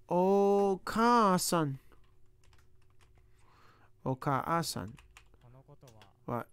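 A man's voice: a little high, slow, creaky, long pauses, smooth. A man working aloud through practice sentences, sounding out words and joking to himself as he studies. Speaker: language learner. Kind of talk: self-talk while studying.

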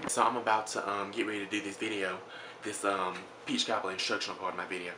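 A man's voice: lowish voice, level tone, quick pace, background noise. A young man, chatting casually to a handheld camera at home, rambling with lots of ums and restarts. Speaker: vlogger. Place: at home, in his kitchen. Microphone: handheld phone or camera at arm's length.

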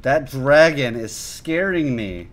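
Man, gameplay commentary, lively swooping pitch, self-mocking, sudden yelps. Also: takes it slowly. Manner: excitable, bursts into yelps and shouts, self-mocking jokes. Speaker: gaming youtuber.

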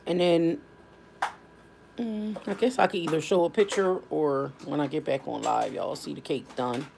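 A woman's voice: low voice, moderate pace, creaky, a little mellow, a little hiss or hum. A tired, yawning woman hosting a casual family live stream from home, talking informally with lots of fillers. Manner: drawling, informal, many fillers. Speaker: family channel host.

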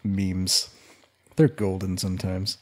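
A man's voice: low-pitched, monotone, slow. Chatty laughing man on a podcast. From California. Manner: chatty, laughs often, rambling storyteller. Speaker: podcast co-host. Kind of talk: casual chat.

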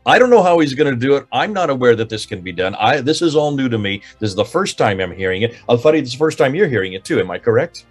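A man's voice: mid-range voice, expressive, fast talker, few pauses, faint music behind. A man hosting a recorded discussion, introducing guests in a chatty, rambling way. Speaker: host.

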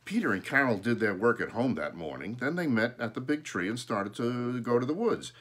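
A man reading a children's storybook aloud, pausing now and then to point out the pictures. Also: mid-range voice, sing-song, fairly bright tone, slightly rough.

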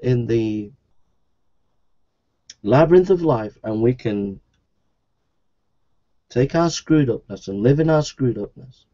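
A man preaching an evangelistic sermon, pleading and repeating himself, his voice at times rising high. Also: expressive, takes it slowly, long pauses, dark tone. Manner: pleading, repetitive, with sudden rises into a high voice. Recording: dull lo-fi recording.

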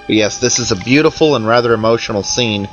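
A man's voice: medium pitch, fast talker, lo-fi sound, faint music behind. A man giving casual, wry commentary over a game he is playing, sounding worn out. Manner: chatty, wry, tired and yawning. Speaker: let's play commentator.

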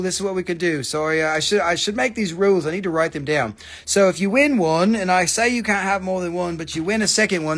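A man runs a live-stream sale with joking, profane patter. His voice sits a little high for a man, and he keeps up a quick, loose banter as he calls out the items. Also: a bit bright. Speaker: host selling crystals. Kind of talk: live-stream sales chat.

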